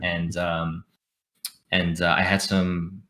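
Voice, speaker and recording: Brief young male podcast guest, deep voice with a bright, forceful edge, rambling and energetic. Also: slow pace. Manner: talkative, energetic, many fillers and restarts. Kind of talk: casual chat.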